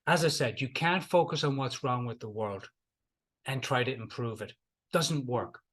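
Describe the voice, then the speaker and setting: A man's voice: mid-range voice, normal speed, a bit bright. A middle-aged man, a life coach, giving a motivational talk and retelling client stories, repeating key lines for emphasis.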